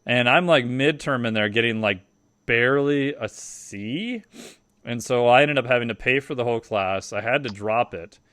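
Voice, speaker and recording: A man's voice: mid-range voice, moderate pace, a bit bright, dry recording. Man telling stories in a dry, loose way. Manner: loose, profane storytelling. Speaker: podcast guest. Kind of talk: casual storytelling interview.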